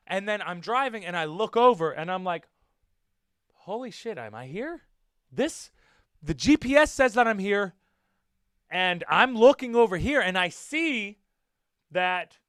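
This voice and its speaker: A man hosting his own podcast, telling a story in a casual, animated way, swearing freely and talking straight to his listeners. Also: sits high, clear, resonant tone. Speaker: podcast host.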